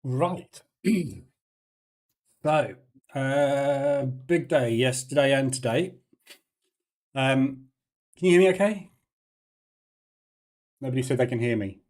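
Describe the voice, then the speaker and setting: Man, live-stream market commentary, chatty and rambling, many fillers, mid-pitched voice, faulty mic. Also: slow, pauses often, darkish tone. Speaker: trading stream host.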